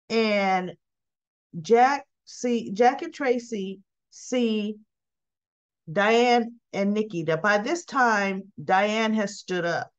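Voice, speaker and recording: A woman's voice: fairly high pitch, dull audio. A woman casually retelling soap opera scenes and acting out the characters' lines. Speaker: soap opera recap host.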